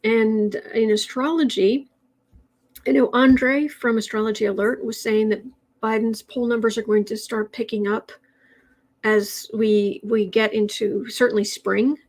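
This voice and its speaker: Higher-pitched woman, chatty astrology stream host who rambles with restarts. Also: fairly even intonation, measured pace, poor audio. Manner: chatty, rambling, with frequent restarts and soft laughs. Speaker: tarot and astrology livestream host. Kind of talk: casual livestream chat, reading viewer comments.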